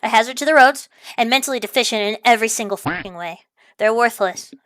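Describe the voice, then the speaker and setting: This is an angry monologue from a ranting vlogger: she's exasperated, swears, and keeps repeating herself. Her voice sits on the high side and is a bit bright, and she talks fast, captured with clean studio sound and no room echo.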